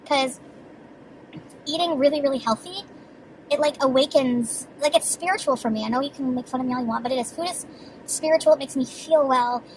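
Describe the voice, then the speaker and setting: A woman rambles through a casual vlog, chatty and quick to giggle, with swear words sprinkled in. Her voice sits high. A faint hiss runs underneath. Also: rough recording. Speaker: vlogger.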